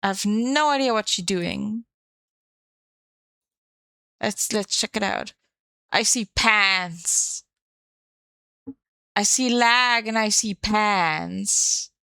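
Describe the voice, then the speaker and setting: A woman's voice: medium pitch, very slow, gravelly, long pauses, bright, forceful tone, clear, resonant tone, no room sound. A woman streamer chatting casually on a live stream, playful and swearing freely into a desk microphone.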